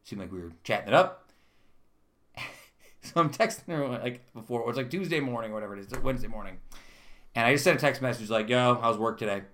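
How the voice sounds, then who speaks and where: A man's voice: mid-range voice, expressive, fast, pauses often, a bit bright. A young man co-hosting a casual podcast, telling self-mocking stories and laughing as he goes. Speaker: podcast co-host. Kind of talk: casual chat.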